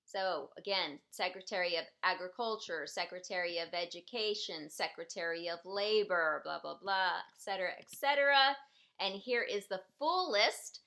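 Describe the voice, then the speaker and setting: Leading a citizenship prep class, a woman says each question and sentence twice with careful, slow enunciation to help her students follow. Her fairly low voice sounds pushed and bright, at a moderate pace.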